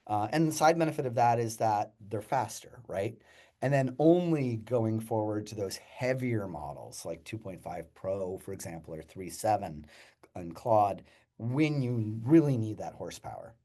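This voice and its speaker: Friendly and quick to laugh, a developer co-hosts a laid-back coding demo, walking through a coding assistant. His fairly low voice is warm and expressive, at a moderate pace.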